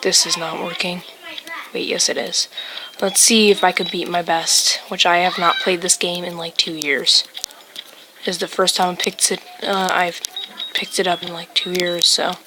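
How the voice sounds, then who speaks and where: A woman's voice: on the low side, flat delivery, moderate pace, noisy background. A woman giving casual, playful commentary while playing a bird game. She talks straight to the birds, cheering them on and scolding them.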